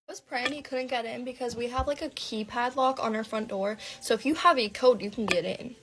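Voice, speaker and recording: A young adult woman vlogger telling a dramatic personal story, animated and breathless, with lots of fillers and swearing. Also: a little high, brisk, hardly any pauses.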